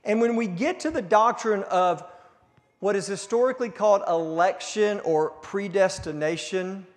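A man pastor giving a conversational sermon with a recurring cough, restarting words and slowing down for emphasis. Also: high-pitched. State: coughing now and then. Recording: long hall reverb.

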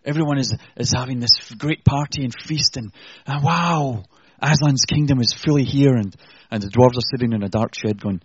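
Man delivering a sermon, earnest and conversational with wry asides, slightly husky; dull, muffled recording. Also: mid-range voice, normal speed, hardly any pauses, dry recording. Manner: earnest, conversational preaching with self-deprecating asides. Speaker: preacher.

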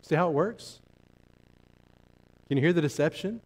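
A man preaching a sermon in church, swinging from hushed asides to loud emphatic repetition and asking the congregation rhetorical questions. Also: on the high side, animated, normal speed.

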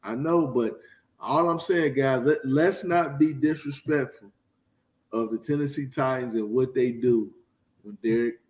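Man, medium pitch, emphatic, lots of repeated restarts. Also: measured pace, a little mellow. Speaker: podcast co-host. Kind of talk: casual sports chat.

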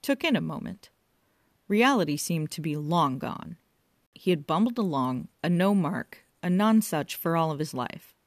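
Low-voiced woman narrating a novel. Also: expressive, measured pace, no echo, studio quality. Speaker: audiobook narrator. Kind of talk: scripted narration.

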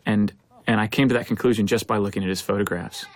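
A man's voice: fairly low pitch, fairly even intonation, fast talker, dry recording. A man, a film director, giving an earnest, reflective audio commentary, thinking aloud as he talks.

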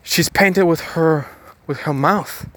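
A man's voice: on the high side, slow, fairly bright tone, dry recording. Emphatic, repetitive motivational vlogger, a man. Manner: emphatic and repetitive, speaks straight to viewers; often restarts words and phrases. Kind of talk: motivational monologue. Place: outdoors, about to board a bus.

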